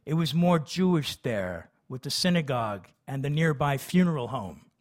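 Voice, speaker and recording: A man's voice: medium pitch, expressive, normal speed. A man reading his memoir aloud, who breaks off into chatty, hesitant asides. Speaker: memoir narrator.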